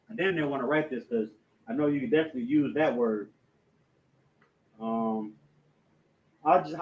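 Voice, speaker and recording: A man teaching a language lesson, writing on a board, slowly sounding out words and correcting his own mistakes aloud. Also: mid-range voice, a bit bright, reverberant. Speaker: class teacher. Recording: dull lo-fi room recording.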